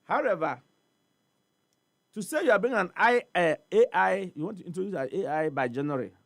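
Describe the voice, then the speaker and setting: This is a high-pitched, brisk male voice with lively intonation and a Ghanaian accent, heard dry. He's a studio guest on a morning talk show talking about port trade, animated, emphatic, repetitive and full of rhetorical questions.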